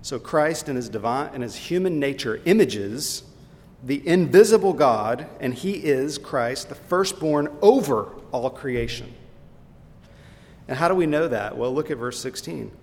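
A man's voice: expressive, unhurried, darkish tone. A man preaching a sermon as pastor, asking the listeners questions and pressing his points with emphasis. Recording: hall reverb, faint rumble.

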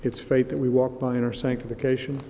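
A man delivers an expository sermon with a mellow, darker tone. He reads scripture with rising emphasis and slows right down on the phrases he wants to stress. His voice carries a long reverb, as if from a church hall. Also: mid-range voice, level tone, a little hiss or hum. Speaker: preacher. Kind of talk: expository Bible teaching.

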